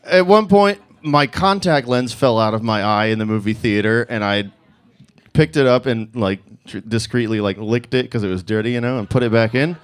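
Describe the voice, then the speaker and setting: A man's voice: medium pitch, moderate pace, smooth. A man in his thirties telling a comic personal story to a live audience, laughing through his lines as he mocks himself.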